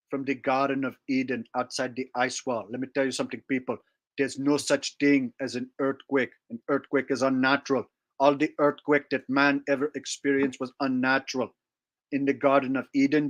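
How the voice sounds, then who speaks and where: A man's voice: medium pitch, dry recording, close to an everyday voice. A man voicing a ranting conspiracy preacher who lectures in an emphatic, repetitive way.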